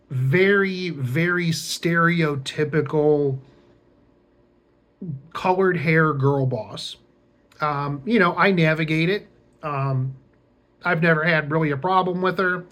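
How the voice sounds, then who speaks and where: A young man drawls through a casual vlog story at an unhurried pace, his voice sitting a little on the high side. He rambles with plenty of fillers and restarts, and drops wry, sarcastic asides along the way. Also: a bit bright. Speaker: vlogger.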